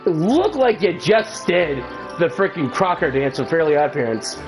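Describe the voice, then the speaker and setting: A man's voice: on the high side, sing-song, normal speed, poor audio. A man streaming a story game, making joking asides between the lines. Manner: wisecracking asides. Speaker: livestreamer. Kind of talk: joking commentary while playing a game. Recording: game music behind.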